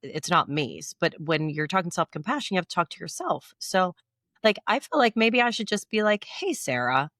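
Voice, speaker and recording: A woman's voice: fairly low pitch, a little fast, fairly bright tone, no echo, studio quality. Blunt, playful woman co-host. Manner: blunt, playful, swears freely. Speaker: podcast co-host. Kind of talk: casual chat.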